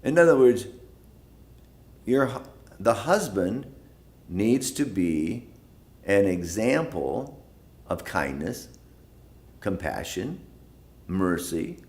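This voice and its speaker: Male pastor, deep voice, unhurried, emphatic teaching delivery. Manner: slow, emphatic, repeats phrases for stress. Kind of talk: Bible study teaching.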